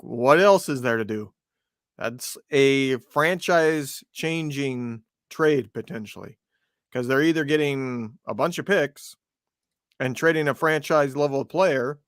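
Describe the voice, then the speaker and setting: A man's voice: medium pitch, a bit bright, dry recording, studio quality. A man co-hosting a sports podcast, giving his opinions in a loose, casual way with many restarts. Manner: opinionated, lots of fillers and restarts. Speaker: podcast co-host.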